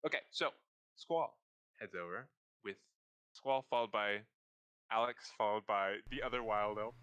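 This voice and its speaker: Man, game master, rambling narration, bright voice. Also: fairly low pitch, measured pace, clear, resonant tone, dry recording, highs cut off. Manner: rambling, repeats words as he narrates.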